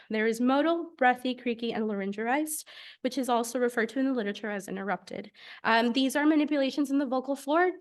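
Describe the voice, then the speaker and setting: A young woman from the United States giving an academic research presentation, explaining carefully with frequent filler pauses. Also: high-pitched. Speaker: graduate student presenter.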